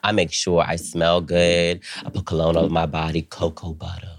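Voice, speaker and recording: A young man co-hosting a podcast, telling a story in a casual, animated way and acting out the quotes. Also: low voice, moderate pace. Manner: animated, dramatic retelling with acted-out quotes and frequent profanity. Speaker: podcast co-host.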